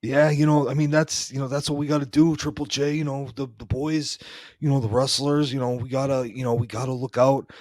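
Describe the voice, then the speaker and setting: A man's voice: mid-range voice, level tone, fairly quick, darkish tone, no echo. Rambling man, dry close sound. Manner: meandering, peppered with "you know". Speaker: podcast co-host. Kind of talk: rambling comedic storytelling in character.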